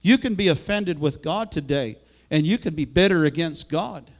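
A man's voice: on the high side, expressive, moderate pace. A man preaching a sermon with fervent, rising and falling emphasis, now and then asking for the next slide.

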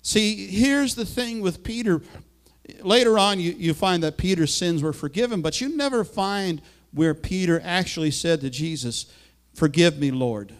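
A man's voice: high voice, expressive, normal speed. A man preaching a sermon with fervent, rising and falling emphasis, now and then asking for the next slide.

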